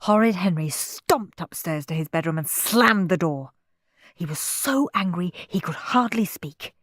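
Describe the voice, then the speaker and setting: A woman narrating a children's audiobook in an expressive storybook manner. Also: on the low side, no echo. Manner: expressive, unhurried.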